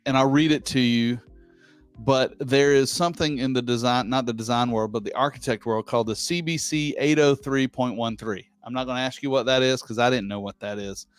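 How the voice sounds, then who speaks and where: A man hosting a casual chat, joking around and reading out a listener's question slowly with many pauses. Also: medium pitch, steady tone, clear, resonant tone, dry recording, soft background music. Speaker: host.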